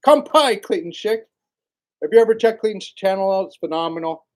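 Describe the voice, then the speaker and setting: A man's voice: sits high, expressive, moderate pace, a little mellow. A man hosting a casual livestream, rambling in a laid-back way, greeting viewers by name and laughing often. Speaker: livestream host.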